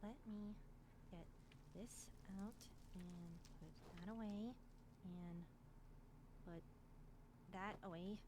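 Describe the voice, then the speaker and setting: A woman's voice: on the low side, fairly even intonation, slow pace, pauses often, noisy background. A woman improvising a healer in a roleplay, anxious and apologetic, stammering and repeating herself. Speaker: roleplay streamer playing a healer.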